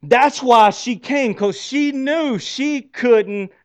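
A man preaching a sermon as pastor, swinging from loud exclamations to hushed, drawn-out lines. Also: extremely high pitch.

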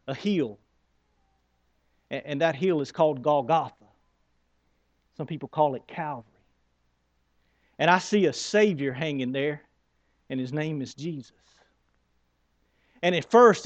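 A man preaching a sermon in a conversational, emphatic way, who stutters and repeats words when he gets excited. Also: a little high, no echo, muffled recording. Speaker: pastor.

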